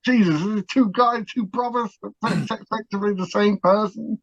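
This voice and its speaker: Higher-voiced British man, dull lo-fi mic. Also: normal speed. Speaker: podcast co-host. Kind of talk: casual chat.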